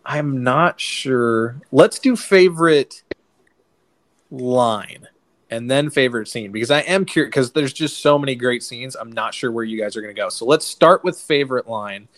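A man's voice: mid-range voice, moderate pace, fairly bright tone, no echo. A man hosting a casual film podcast, talking loosely with lots of fillers and plenty of enthusiasm. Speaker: podcast host. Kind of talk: casual movie discussion.

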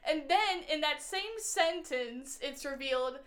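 A woman's voice: high voice, animated, measured pace, a bit bright. A young adult woman co-hosting a podcast, chatting casually about a movie, full of "like" and acted-out quotes. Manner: chatty, lots of "like", acts out quotes. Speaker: podcast co-host. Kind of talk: casual movie review chat.

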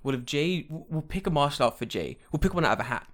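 A podcast co-host chats casually, easily worked up and swearing freely. His pitch leaps and swoops all over the place, and he often breaks into loud outbursts. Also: fast. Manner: excitable and profane, with loud outbursts. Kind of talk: casual chat.

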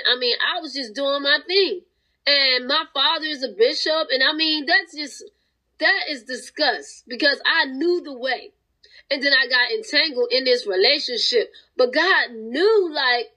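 On her home-recorded podcast, a woman gives listeners a fervent, preachy testimony of faith, sometimes tearing up. Her voice sits high and sounds pushed and bright, and the recording quality is low.

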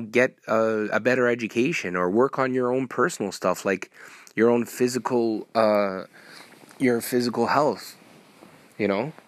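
A man hosting a solo podcast, ranting in a profane, rambling way with sudden loud outbursts. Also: on the low side, no echo. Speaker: podcast host.

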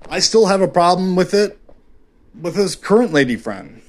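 This podcast host talks alone in a high voice with big pitch swings at a moderate pace. His confessional monologue is frank and rambling, packed with swearing and fillers, and he often mocks himself.

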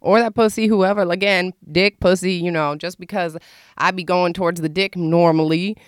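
A woman host talks frankly and casually, full of fillers, asides and laughs. Her voice sits low and smooth. The recording is close and dry, with no room sound. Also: fairly even intonation, moderate pace, no echo. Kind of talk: casual candid advice monologue.

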